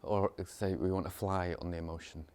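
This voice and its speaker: A man teaching meditation in a casual, rambling way, repeating phrases, chuckling often and mimicking people in sudden high voices. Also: fairly even intonation, fairly quick, a little mellow, clean tone. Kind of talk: informal spiritual talk.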